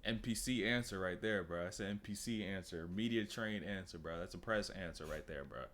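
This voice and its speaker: A man's voice: sits low, brisk, fairly bright tone, slight background noise. A man giving casual reaction commentary, laid-back and slangy, often repeating his points. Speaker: reaction streamer.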